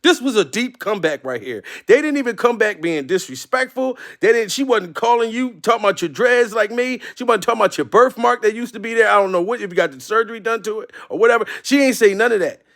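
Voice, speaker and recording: High-voiced man reacting animatedly. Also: fast, hardly any pauses. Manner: animated, joking, emotional. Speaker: commentator reacting to a clip. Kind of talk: casual reaction commentary.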